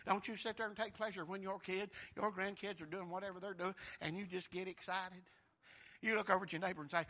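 A male pastor preaching a sermon, swinging from quiet asides to shouted praise and calling out to the congregation. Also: high-pitched, brisk.

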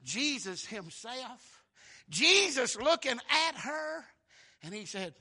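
A man, preaching a fervent sermon that keeps bursting into shouts. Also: extremely high pitch, very animated, slow pace, husky.

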